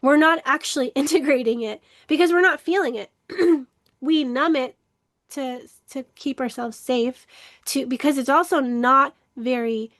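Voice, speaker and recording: A woman with a high voice teaches about emotional healing in an earnest, reflective way. She often repeats words for emphasis. The sound is dry and close, with no room echo. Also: fairly bright tone. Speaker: workshop leader in emotional healing. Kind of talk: casual spiritual teaching to camera.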